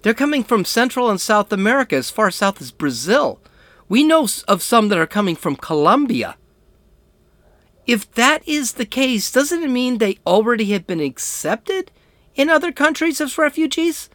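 A man delivers opinionated political commentary as a show host, blunt and combative, with sarcasm. His pitch swings widely from line to line, and the sound is dry, with no room in it. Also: big pitch swings, moderate pace, a bit bright, no echo.

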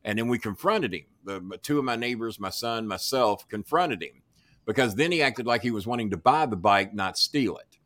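A man's voice: lowish voice, lively intonation, moderate pace, fairly bright tone, dry recording. Profane man spinning a wild story. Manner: profane, acts out dialogue in voices. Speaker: podcast guest. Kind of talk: animated storytelling.

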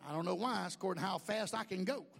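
A man preaching a sermon, a pastor, who swings from shouted declarations to quiet joking asides with folksy humor. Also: high-pitched, quick pace, creaky.

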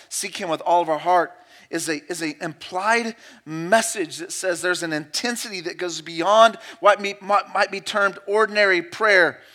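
A male pastor delivering a sermon in a bright, ringing tenor that sits unusually high for a man. He drops to hushed, intimate pleading and then climbs to loud, urgent exhortation. He hammers his points home by repeating phrases. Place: church sanctuary, also streamed online.

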